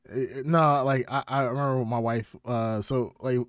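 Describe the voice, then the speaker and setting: A man's voice: mid-range voice, steady tone, normal speed, dry recording. A male podcast host chats casually in a mid-range voice and rambles through his stories with animation. His voice sounds close and dry. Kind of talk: casual chat.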